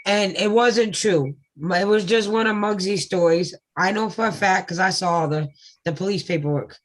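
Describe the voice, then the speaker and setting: A woman hosting a casual livestream panel chat, blunt and quick to swear and laugh. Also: mid-range voice, poor audio. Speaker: panel host.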